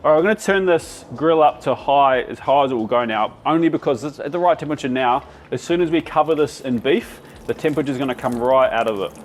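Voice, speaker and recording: A man's voice: mid-range voice, fast talker, hardly any pauses, a little hiss or hum. An Australian man hosting a casual cooking demonstration, chatty and enthusiastic as he talks while he cooks. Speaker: cooking show host.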